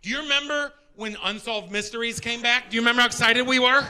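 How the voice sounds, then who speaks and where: A middle-aged male stand-up comedian, doing an energetic, profane, exasperated set on a live stage. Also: extremely high pitch, quick pace, smooth. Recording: live show with audience laughter.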